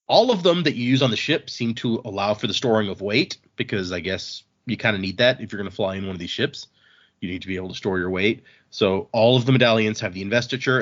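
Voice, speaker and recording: A man's voice: on the low side, a bit bright, muffled recording. A man hosting a podcast, casually recapping book chapters in a rambling way and paraphrasing characters with a chuckle. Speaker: podcast host.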